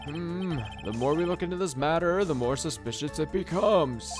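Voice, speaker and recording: A stern elderly judge speaks in a slow, formal, mildly scolding way, put on by a man. The voice sits fairly high. Clear game music plays behind him. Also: lightly acted. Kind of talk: let's play voice acting.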